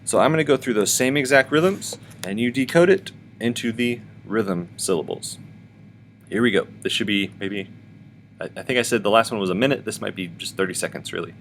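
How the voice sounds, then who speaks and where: A man's voice: lowish voice, lively intonation, a little fast, a little hiss or hum. Man teaching a music lesson by chanting. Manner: patient, instructive, chants rhythm syllables. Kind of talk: virtual music lesson for children.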